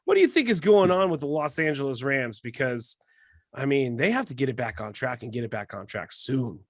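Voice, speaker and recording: A man hosting a casual sports podcast, chatty and quick to joke at his own expense. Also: medium pitch, animated, vocal fry, no room sound, studio quality. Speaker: podcast host.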